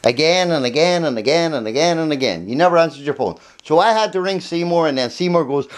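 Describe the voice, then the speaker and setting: A man's voice: fairly high pitch, fast talker, hardly any pauses. Angry kiwi guy going off at his advocate, swearing, repeating himself, accusing. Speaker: complainant confronting his advocate. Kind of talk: heated confrontation.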